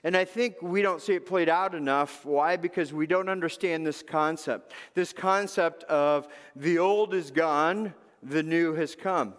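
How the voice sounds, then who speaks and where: A man's voice: a little high, a little slow, hardly any pauses, long reverb tail. A man preaching a sermon as pastor, telling a funny story and acting out its parts with animation. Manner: animated storyteller, acts out bits.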